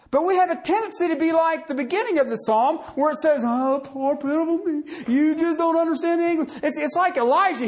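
A preacher delivering a sermon in an animated, folksy way, firing off rhetorical questions to the congregation. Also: very high voice.

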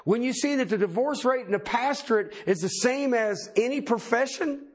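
A middle-aged man preaching a sermon in a folksy, animated way, with joking asides. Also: very high voice, moderate pace, slightly rough. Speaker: pastor.

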